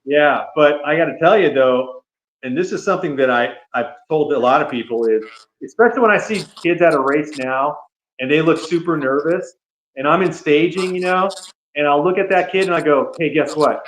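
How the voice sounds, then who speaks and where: Sitting in as a podcast guest, a man spins casual stories, leaning often on "you know" and "man." His pitch is fairly high and his pace moderate, and the echoey room carries a little hiss or hum.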